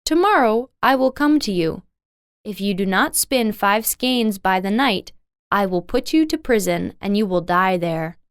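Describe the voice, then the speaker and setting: A woman's voice: mid-range voice, animated, a little slow, clear, resonant tone, no room sound, studio quality, close to an everyday voice. A stern fairy-tale king, read by a woman.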